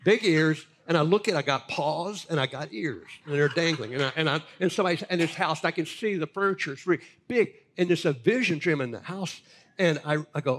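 An older man, a pastor telling folksy stories in a lively, animated way. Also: on the high side, fairly quick. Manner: animated, folksy storyteller with big laughs. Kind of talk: storytelling sermon talk.

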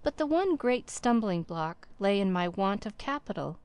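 A woman narrating a classic story as an audiobook in a measured, formal way. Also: medium pitch, big pitch swings, a little mellow, clear, resonant tone, dry recording.

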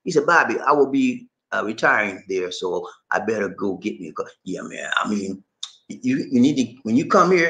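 A middle-aged man hosts a casual livestream, reading chat comments aloud and offering advice, animated and laughing, in folksy slang. His voice is on the low side, and the audio is poor and roomy.

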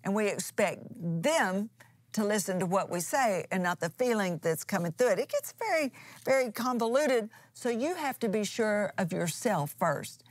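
A woman's voice: mid-range voice, very animated, normal speed, no room sound, studio quality. A woman pastor and co-host giving a conversational Bible teaching in an earnest, plain-spoken way, restarting phrases as she explains.

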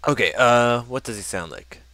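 A man's voice: medium pitch, normal speed, no room sound. A young man giving casual, joking commentary while playing a video game. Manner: animated, joking, reads game text aloud. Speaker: gameplay commentator. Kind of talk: casual let's play commentary.

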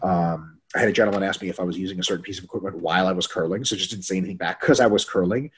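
A man co-hosting a fitness webinar in casual chat, animated and profane, acting out quoted people as he tells stories. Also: deep voice, rapid-fire, breathy edge. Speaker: webinar co-host.

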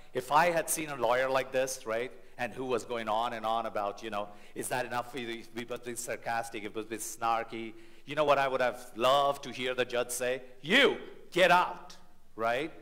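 A man serving as family pastor preaches a sermon in church, animated and rhetorical, frequently checking in with the congregation. His voice is mid-range and his speed normal.

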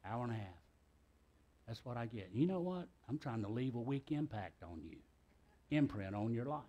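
A man's voice: medium pitch, expressive, moderate pace, mellow. A middle-aged man, preaching a sermon in a church in a folksy, talkative way with joking asides. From South Carolina, US. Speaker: pastor. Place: church sanctuary.

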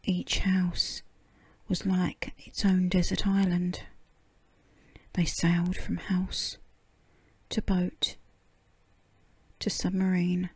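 A woman reading a children's storybook aloud in a soft, hushed half-whisper, a whispered storybook reading. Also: fairly low pitch, completely flat delivery, drawn-out words, pauses often, breathy edge, dry recording. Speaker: storybook reader.

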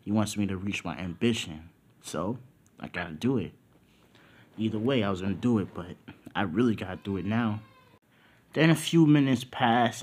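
A young man casually telling a fan-fiction story, rambling with lots of fillers. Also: lowish voice. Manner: rambling, filler-heavy, self-inserting.

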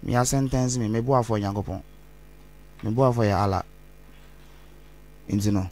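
A man's voice: lowish voice, moderate pace, a little mellow. A man, rambling as an interview guest and mixing Twi phrases into his English. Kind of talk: candid interview talk.

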